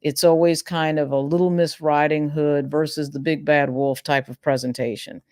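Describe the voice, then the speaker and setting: A woman's voice: sits low, flat delivery, moderate pace, darkish tone, no echo. Woman commentary host, emphatic and list-driven, dry close sound. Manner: emphatic, builds arguments through long lists. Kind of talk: legal news commentary.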